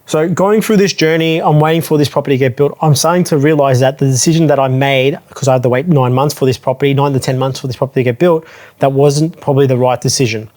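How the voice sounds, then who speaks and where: A man's voice: medium pitch, fast, a little mellow. A man talks straight to camera in a loose, conversational way. He is frank and unpolished, often restarting and correcting himself mid-sentence as he tells his own story. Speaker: property advisor telling his own story. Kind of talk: casual talking-head storytelling.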